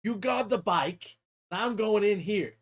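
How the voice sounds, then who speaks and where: A man's voice: high voice, a little slow, voice pushed up. A man voicing a brutish, bossy male orc warlord who talks crudely and boasts. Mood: boastful. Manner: gruff, boastful, crude grammar.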